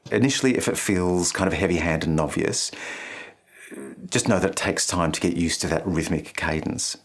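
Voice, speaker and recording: A man hosting a singing lesson, speaking clearly and playfully and singing short phrases to show the point. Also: low voice, fairly even intonation, normal speed. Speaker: vocal coach and channel host.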